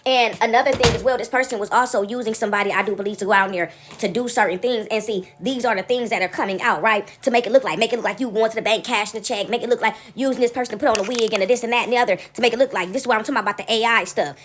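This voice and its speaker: A woman's voice: a little high, rapid-fire, hardly any pauses. A woman talking casually to her viewers in a rambling, frank monologue, often checking in with "right?". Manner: rambling storytelling, keeps asking "right?"; frank, animated venting.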